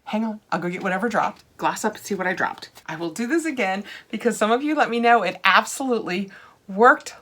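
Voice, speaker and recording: Chatty older woman unboxing. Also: fairly low pitch. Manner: chatty, gushing, drops to soft whispers when smelling products. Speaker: vlogger unboxing products. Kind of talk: casual unboxing chat.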